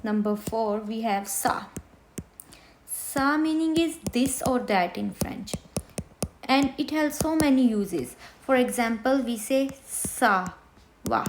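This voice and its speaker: A woman teaching a beginner French lesson, who slowly repeats each word for her students. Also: on the high side, lively intonation, darkish tone, a little hiss or hum. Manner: slow, repeats words for students to hear.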